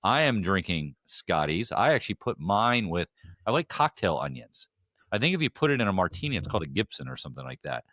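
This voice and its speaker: A man's voice: sits low, big pitch swings, a little fast, a bit bright, dry recording, clean studio sound. A man hosting a casual podcast chat, rambling with many fillers and restarts. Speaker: podcast host.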